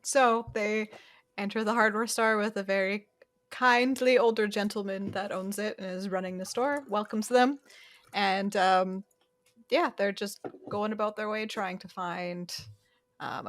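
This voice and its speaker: A woman's voice: mid-range voice, a little slow. Chatty woman podcast co-host. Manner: chatty, laughs often, retells scenes with hesitant fillers. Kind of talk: casual chat recapping a horror film.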